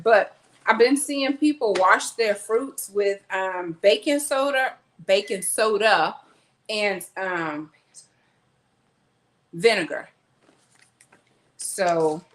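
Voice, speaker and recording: A woman chatting casually to her viewers while unpacking groceries at home. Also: mid-range voice. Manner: chatty, rambling, talks to viewers as y'all. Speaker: vlogger. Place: at home, kitchen. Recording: echoey room, faint noise.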